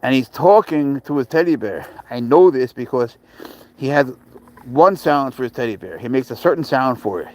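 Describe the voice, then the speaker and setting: A man chatting casually on a live stream, swearing freely, laughing often and slipping into soft baby talk with his pet. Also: mid-range voice, animated, moderate pace, low-quality recording.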